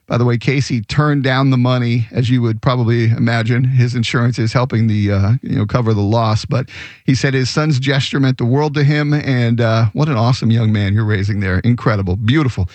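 A man's voice: mid-range voice, steady tone, a little fast, a little mellow, no echo. A man hosting a radio show, telling a good-news story in a conversational way with fillers. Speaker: radio host.

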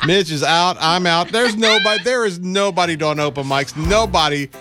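A man's voice: high-pitched, normal speed. A man co-hosting a morning radio show, wry and teasing, protesting with good humor. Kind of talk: playful radio banter.

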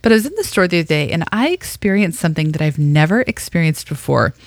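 A woman radio host with a neutral American accent tells a story in a chatty, amused way. Her voice sits low for a woman. The sound is dry and close, with no room around it. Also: big pitch swings, fast talker, dry recording. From American South. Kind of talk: radio segment monologue.

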